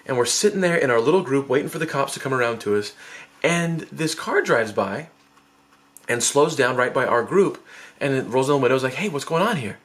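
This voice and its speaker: A young man spins a rambling storytime for his vlog, doubling back on himself and laughing at his own mistakes. His voice sits at a middling pitch and leaps into high, panicky bursts whenever he replays his past self. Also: animated, brisk, fairly bright tone. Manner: rambling, self-mocking, many fillers and restarts.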